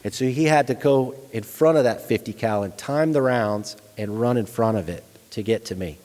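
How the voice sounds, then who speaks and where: A man's voice: medium pitch, normal speed, darkish tone. A middle-aged man, a retired soldier, telling a frank personal war story to a lecture audience, with blunt soldier humor. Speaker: guest lecturer, retired Army staff sergeant. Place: large lecture hall. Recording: long reverb of a large hall.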